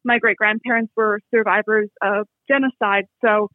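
Here a high-pitched man delivers his thoughts flatly at a moderate pace: a Canadian author, a guest in a reflective interview, who repeatedly restarts sentences. The audio has no room sound but a tinny, phone-like quality.

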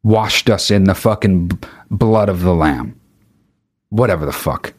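A man's voice: sits low, a little slow, darkish tone. A male podcast host in a casual, exasperated rant, swearing constantly.

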